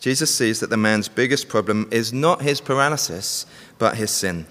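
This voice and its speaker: A man's voice: medium pitch, normal speed, a bit bright. A man preaching a sermon, telling a story and asking the congregation questions. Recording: long hall reverb.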